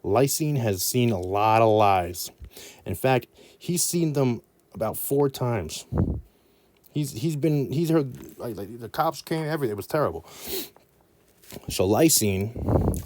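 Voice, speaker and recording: A man's voice: medium pitch, animated, measured pace, pauses often, darkish tone, slight background noise. A male anatomy teacher giving a playful mnemonic lesson, full of rambling asides.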